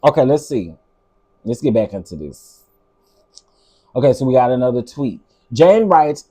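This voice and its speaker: Husky, lively-voiced middle-aged man ranting. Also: medium pitch, measured pace, long pauses. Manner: exasperated, ranting, talks back to chat. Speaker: livestream commentary host. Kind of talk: casual live commentary.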